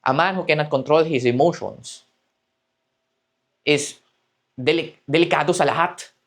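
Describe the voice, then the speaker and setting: Talking to camera, a man with a Filipino accent coaches men on dating, mixing Tagalog and English and frequently checking in with "okay?". His voice is fairly high and fairly bright, at a moderate pace.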